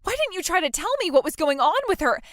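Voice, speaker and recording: A woman's voice: extremely high pitch, sing-song, quick pace, fairly bright tone, no room sound, clean studio sound, full character voice. A woman playing a whiny self-absorbed bride. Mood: shocked. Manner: whiny, stammering, demanding. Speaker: voice actor in a text-message drama. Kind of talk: dramatized text-message reading.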